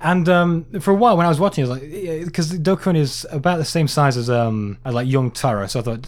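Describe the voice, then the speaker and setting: A man's voice: a little high, fairly quick, few pauses. Rambling, joking male podcast co-host. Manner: rambling, filler-heavy, joking. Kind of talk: casual chat.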